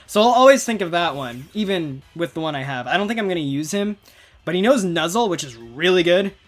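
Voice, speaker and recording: A man's voice: sits high, lively intonation, brisk, soft background music. A man in his twenties giving rambling, casual commentary while playing a video game. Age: 20s. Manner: chatty, rambling, laughs often. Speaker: gaming video creator. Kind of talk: casual let's-play commentary.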